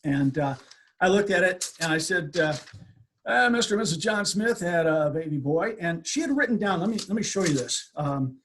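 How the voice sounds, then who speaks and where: A man in his sixties, a radio host, telling lively stories from his career in an interview. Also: high voice, moderate pace, slight background noise. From USA. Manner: animated anecdote teller. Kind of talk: storytelling interview.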